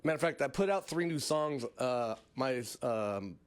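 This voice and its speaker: A man's voice: mid-range voice, expressive, normal speed. A man hosting a comedy podcast, rambling through a casual monologue with frequent laughs and mocking asides. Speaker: podcast host.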